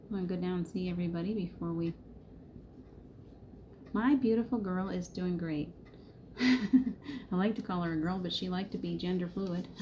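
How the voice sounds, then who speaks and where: A middle-aged woman with a lowish, mellow voice leads a live spiritual card reading. She talks in a soothing, reassuring way, laughs easily and greets her viewers by name. A faint hiss sits under her voice. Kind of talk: gentle encouraging spiritual talk to live viewers.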